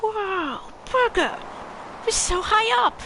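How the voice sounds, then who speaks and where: A woman voicing a cheeky, tough-talking young woman adventurer who uses rough slang. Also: extremely high pitch, expressive, takes it slowly, background noise, pitched above the performer's own voice, full character voice. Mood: brash. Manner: tough-talking, swears lightly, says mate. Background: game music.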